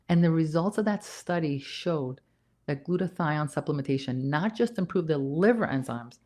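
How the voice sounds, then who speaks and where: A rumbling low, darkish voice belongs to a woman nurse practitioner chatting informally about health. She speaks with emphasis, circles back to the important points, and is a little out of breath.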